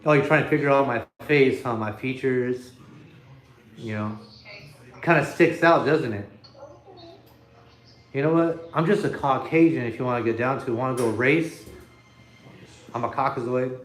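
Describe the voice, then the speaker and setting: A man chats loosely on a phone livestream, rambling from thought to thought with a chuckle now and then. His voice sits at an ordinary middle pitch. The living room around him gives the sound a noticeable echo. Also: normal speed, long pauses. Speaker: livestream host. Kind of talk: casual livestream chat reading comments. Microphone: iPhone.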